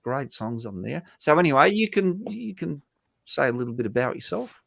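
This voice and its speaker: Gravelly man hosting a casual panel. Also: medium pitch, sing-song, normal speed, a bit bright, no room sound, clean studio sound. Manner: rambling, loose, with frequent fillers. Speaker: host. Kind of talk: casual live-stream panel chat.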